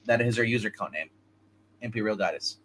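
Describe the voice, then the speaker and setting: This man speaks at a quick pace in a fairly low, slightly bright voice. Co-hosting a casual comics livestream, he rambles through opinionated chatter with his co-host and viewers.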